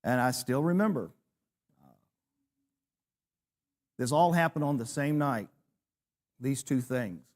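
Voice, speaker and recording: A man's voice: medium pitch, lively intonation, slow pace, long pauses. Man in his sixties teaching a church class. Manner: storytelling with self-deprecating humor. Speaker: preacher.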